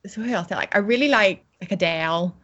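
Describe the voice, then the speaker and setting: A woman from Northern Ireland chats casually as a podcast guest, warm and upbeat, laughing often. She has a Northern Irish accent and a mid-range voice, speaks at a quick pace, and the audio is dull.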